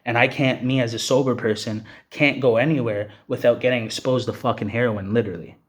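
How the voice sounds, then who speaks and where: The agitated vlogger from Canada delivers his heated rant to camera a little fast, in a medium-pitched voice with fairly even intonation. Profanity flows freely, and he leans on "you know what I mean" over and over.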